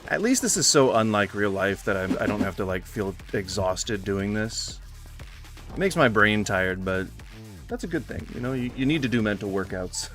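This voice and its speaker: A man's voice: fairly low pitch, animated, moderate pace, a bit bright, faint music behind. A man giving casual gameplay commentary in a rambling manner, swearing freely and yelping suddenly. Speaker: gaming YouTuber.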